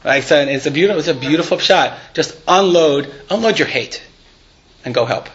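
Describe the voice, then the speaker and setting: A man's voice: a little high, lively intonation, normal speed, a bit bright, muffled recording. A man teaching a live Torah class. He reads Hebrew and Aramaic passages aloud, explains them conversationally and asks his students questions.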